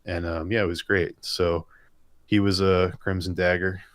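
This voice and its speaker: Man, low voice, dry close sound, chatty and rambling, answers questions from chat. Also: level tone, unhurried, a bit bright, no room sound. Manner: chatty, rambling, enthusiastic storytelling. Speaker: comic artist and co-host. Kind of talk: casual live-stream chat answering viewer questions.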